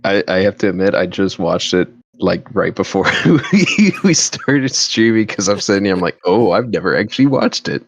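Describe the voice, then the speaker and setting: Low-voiced man in casual chat. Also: very animated, normal speed, few pauses. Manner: rambling, restarts often, trails off. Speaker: podcast co-host.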